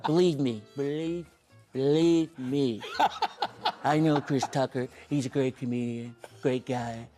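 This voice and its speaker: A man voicing a boastful older male politician, slow, drawn-out and self-assured. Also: medium pitch, steady tone, dark tone, soft background music, pitched below the performer's own voice, close to an everyday voice. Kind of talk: stand-up impression.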